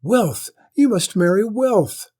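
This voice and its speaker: A man voicing a haughty, greedy noble lady and mother in a storybook reading, with a shrill, insistent manner. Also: animated, a little slow, a little mellow.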